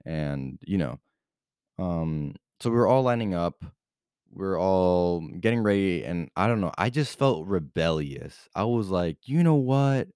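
A man's voice: sits low, lively intonation, unhurried, a little mellow, clean tone, no echo, clean studio sound. A young man hosting his own podcast, telling stories in a rambling, casual way full of filler words and swearing. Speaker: podcast host. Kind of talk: casual storytelling.

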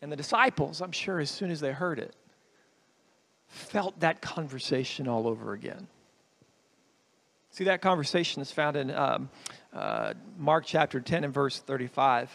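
A man with a fairly high voice preaches a sermon as a guest speaker. He tells the story vividly, swinging between quick, loud stretches and low, quiet asides. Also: gravelly. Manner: storytelling, lively shifts in pitch and loudness.

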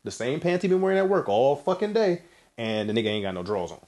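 A man co-hosting a podcast in casual chat, blunt and profane, jumping in with quick reactions. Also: medium pitch, very animated, darkish tone. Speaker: podcast co-host.

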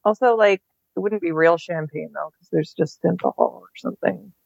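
A woman co-hosting a podcast, easygoing and agreeable in casual chat. Her voice sits on the low side. It comes through a muffled, lo-fi video call line. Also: moderate pace, gravelly, a little mellow. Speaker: podcast co-host. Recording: dull lo-fi video call audio.

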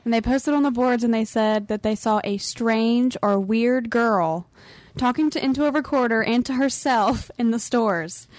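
A woman's voice: on the high side, normal speed, a little mellow, no echo. A young woman co-hosting a casual roundtable podcast, laughing often as she presents her store tour segment. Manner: giggly, laughs often between phrases.

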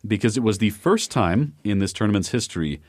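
Low-voiced rambling podcast host man. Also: lively intonation, brisk, no room sound, clean studio sound. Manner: rambling, many fillers and restarts. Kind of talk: casual chat.

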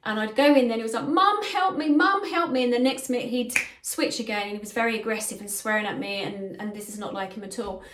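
A woman's voice: medium pitch, flat delivery, quick pace, few pauses, noisy background. A middle-aged woman, earnestly telling a personal story as a spiritual medium in a casual, conversational way, recorded in a bedroom at home. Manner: earnest, conversational, with frequent fillers. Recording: echoey room.

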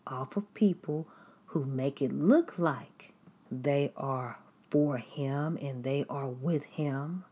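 A woman's voice: a bass voice, slow, dark tone, breathy edge. A woman preaching a sermon in an emphatic, repetitive way, now and then mimicking critics in a raised voice.

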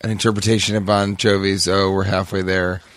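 A man's voice: sits low, level tone, brisk, no room sound. A man co-hosting a comedy podcast, riffing in improvised banter and jumping into crude silly bits. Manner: riffs into crude silly bits and sudden loud character voices. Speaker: podcast co-host.

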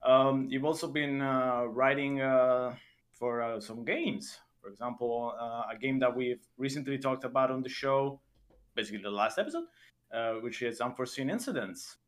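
A man hosting a podcast and asking questions in casual chat, halting and searching for words with many fillers. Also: medium pitch. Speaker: podcast host.

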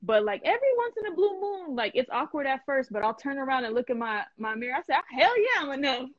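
A woman hosting a live stream in casual chat, animated and emphatic, laughing often and full of slang. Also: high voice, quick pace, dry recording, muffled recording. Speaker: host.

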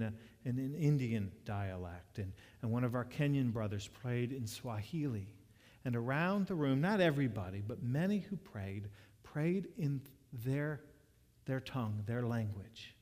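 A man's voice: mid-range voice, darkish tone, in a large hall. A man preaching a sermon, telling a story in a conversational way with frequent restarts. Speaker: pastor.

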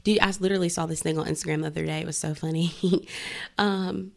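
Gravelly, blunt woman podcaster. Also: fairly low pitch, quick pace. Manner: blunt, profane and animated, laughing often. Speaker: podcast co-host. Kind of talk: casual podcast chat.

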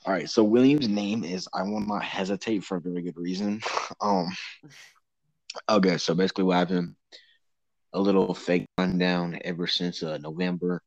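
Teen male podcast host, low register, rambling and profane, dull lo-fi audio. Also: steady tone, normal speed, a little mellow, no echo. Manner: rambling, laughing, swearing. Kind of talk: casual chat among friends. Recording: dull muffled lo-fi sound.

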